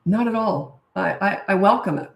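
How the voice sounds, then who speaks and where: A middle-aged woman answers viewers' parenting questions in a chatty, straight-talking way, often restarting her sentences. Her voice is mid-pitched. It bounces around an echoey room, and she sits back from the microphone. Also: expressive, moderate pace, creaky, far from the mic. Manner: blunt and frank, chatty with restarts. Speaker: parenting coach.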